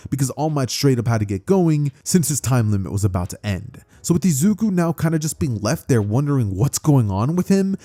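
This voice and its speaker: Casual male narrator, mellow animated voice. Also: medium pitch, fairly quick, few pauses. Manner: conversational, loose fillers like "kinda" and "pretty much". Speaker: storyteller. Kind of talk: casual fan-fiction narration.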